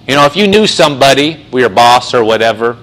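A pastor with an ordinary middle-pitched voice preaches a sermon loosely and conversationally, often restarting, slowing down and leaning into phrases he wants to stress. He sounds animated and a bit bright, on a low-quality recording.

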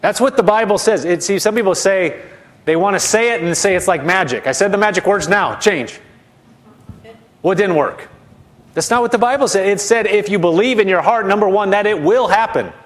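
A man preaching a sermon, emphatic and repetitive, dropping soft and low to model spoken declarations. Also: fairly quick.

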